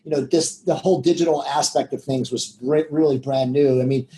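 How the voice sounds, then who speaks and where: A guest entrepreneur, this man rambles candidly and self-reflectively about his life in a casual interview, leaning heavily on "you know" and other fillers. His voice is mid-range, mellow, brisk and fairly even in intonation, captured in poor audio with a bit of hiss or hum.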